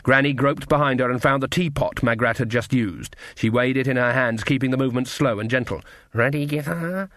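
A man narrating an audiobook in a measured, even way. His voice sits at a middling pitch and sounds dry and close, with no room around it. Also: no echo.

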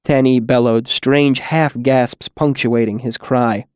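Man, audiobook narrator, measured and quiet, mid-pitched, dry close recording. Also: fairly even intonation, clean tone, no room sound. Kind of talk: first-person audiobook narration.

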